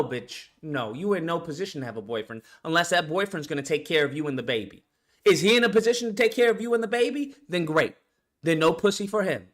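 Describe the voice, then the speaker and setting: A man's voice: on the high side, a bit bright. A man vlogger ranting bluntly and profanely in a commentary video, full of rhetorical questions.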